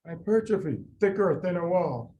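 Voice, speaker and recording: A man tutoring medical students in a lively class, quizzing them by name and repeating the key points. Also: sits high, moderate pace, lo-fi sound, a little hiss or hum. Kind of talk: lively classroom teaching with drills.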